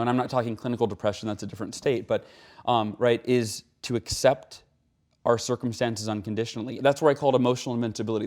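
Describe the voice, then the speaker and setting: A middle-aged man, a keynote speaker, talking in an interview in an animated, emphatic way. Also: mid-range voice. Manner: animated, emphatic, frequent "right?". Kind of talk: conversational interview talk.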